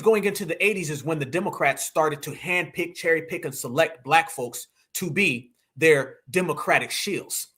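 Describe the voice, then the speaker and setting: Fairly high, pushed and bright with a slight roughness, the voice belongs to a man running a political livestream. He rants fiercely and preachily, repeating himself and referring to his viewers as fam.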